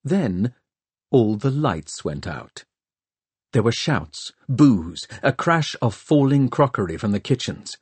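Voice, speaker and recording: Slow, husky male audiobook narrator. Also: mid-range voice, big pitch swings, no room sound.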